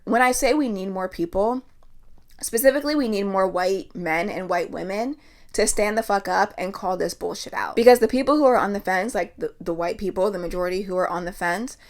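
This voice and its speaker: A young woman from Pennsylvania delivers an impassioned solo podcast rant, her voice at an ordinary middle pitch. She swears freely and stumbles over her words as her anger builds. The talk stays casual and fired-up throughout. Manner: heated, profane, fired-up, restarts mid-sentence. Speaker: podcast host.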